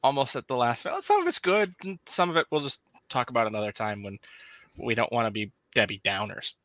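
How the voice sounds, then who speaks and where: A man's voice: medium pitch, very animated, quick pace, sharp tone, dry recording. A man hosting a podcast, chatting casually and reading channel promos with upbeat asides. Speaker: podcast host.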